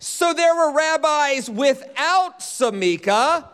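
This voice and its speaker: A man preaching a sermon, teaching with animated delivery and leading the congregation in call-and-response. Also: very high voice, slow. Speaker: pastor. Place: church auditorium.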